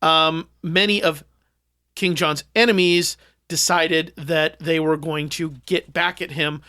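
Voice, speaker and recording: A man co-hosting a comedy podcast, spinning a made-up history lesson with deadpan, mock-scholarly delivery and lots of ums. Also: fairly high pitch, takes it slowly, no echo, clean studio sound. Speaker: podcast co-host. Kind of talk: casual banter, tall-tale explanation.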